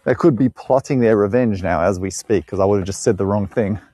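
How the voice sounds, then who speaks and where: Chatting with his live audience on an outdoor bush walk, the Australian guide talks fairly quickly in a warm, fairly low voice. He jokes, rambles and laughs often, and the sound has no echo.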